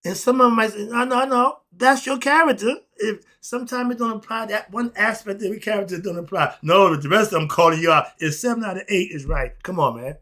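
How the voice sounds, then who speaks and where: A man's voice: high-pitched, fast, bright, forceful tone. A man, delivering an emphatic, casual monologue full of rhetorical questions and short laughs. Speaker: philosophy vlogger.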